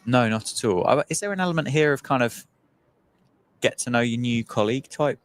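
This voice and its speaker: A man calling live cricket play-by-play in a measured, agreeable way. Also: medium pitch, animated. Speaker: cricket commentator. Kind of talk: live sports commentary.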